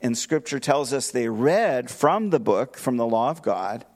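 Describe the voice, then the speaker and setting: A man's voice: medium pitch, expressive, a little slow, darkish tone. A man preaching a verse-by-verse expository sermon as pastor, emphatic and posing rhetorical questions to his listeners.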